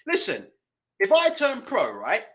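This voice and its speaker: Brief: male streamer, lively swooping delivery, loose casual commentary. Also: high-pitched, a little slow. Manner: mocking, laughing, loose and profane. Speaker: livestream boxing watch-along host.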